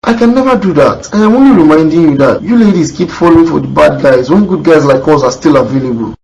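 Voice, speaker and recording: A man's voice: on the high side, animated, fast, vocal fry, a little mellow. A man with a Nigerian English accent voicing an earnest, persuasive young man in love. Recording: dull lo-fi recording.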